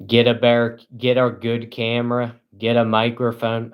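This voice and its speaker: A man chatting casually on a live stream, reading his chat and answering in a sarcastic, deadpan way, rambling with lots of "uh"s. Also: mid-range voice, normal speed, clean tone. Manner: rambling, with frequent filler "uh".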